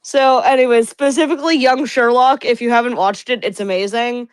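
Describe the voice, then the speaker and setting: A woman playing in a tabletop game, chatting casually at the table with quick asides. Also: on the high side, fairly even intonation, clear, resonant tone, dry recording. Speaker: player.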